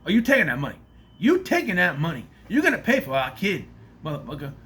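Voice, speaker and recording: A confrontational woman spits out demands about money in a shrill, raised voice, as a man puts her on during a movie recap. The voice is pushed higher than normal talk and sounds bright and loud. A faint ambience hums behind. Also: wildly swooping pitch, fast talker, slight background noise. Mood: angry.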